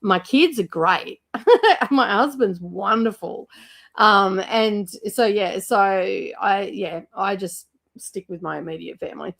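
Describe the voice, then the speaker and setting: A woman's voice: medium pitch, slow, vocal fry, fairly bright tone. A middle-aged Australian woman with a cold, hosting a casual livestream chat and rambling with frequent fillers. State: has a cold, clears throat. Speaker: book channel host.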